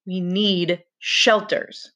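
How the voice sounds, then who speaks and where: A woman's voice: medium pitch, big pitch swings, a little fast, a bit bright, voice pushed up. A woman reading the lines of a frustrated, earnest boy leader in a novel, with emphatic, exasperated delivery.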